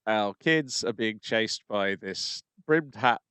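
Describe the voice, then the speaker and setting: A man's voice: fairly low pitch, expressive, takes it slowly, a bit bright, clear, resonant tone, no room sound. A man hosting a podcast, talking casually and hesitantly with many ums. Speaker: podcast host. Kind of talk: casual chat.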